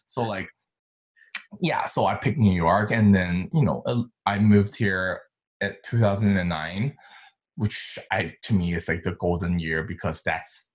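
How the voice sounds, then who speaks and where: Guy from china in his 30s, lowish voice, chatty and animated, says like a lot, casual interview. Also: measured pace, muffled recording. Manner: animated, chatty, lots of "like" fillers. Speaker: interview guest, designer.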